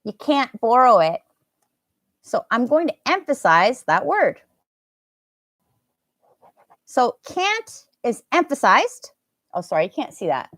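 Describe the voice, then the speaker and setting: A woman's voice: fairly high pitch, sing-song, slow pace, pauses often, a bit bright, dry recording, clean studio sound. A woman with an American accent teaching a live English lesson, enunciating words carefully and slipping into Indonesian phrases. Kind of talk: live online language lesson.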